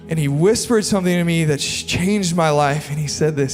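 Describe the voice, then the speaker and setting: A young male pastor preaches with earnest, confessional feeling that swells into impassioned appeals. His voice sits a little high. It carries the long reverb of a big church hall, with soft music playing behind him. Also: a little fast, few pauses. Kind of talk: sermon with personal story. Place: large church auditorium.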